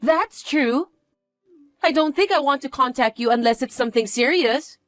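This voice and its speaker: A woman's voice: high-pitched, normal speed, dry recording, soft background music, lightly acted. A woman voicing a spoiled, boastful young stepsister who talks in a condescending, whiny and demanding way. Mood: smug, bratty. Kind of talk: dramatized story reading.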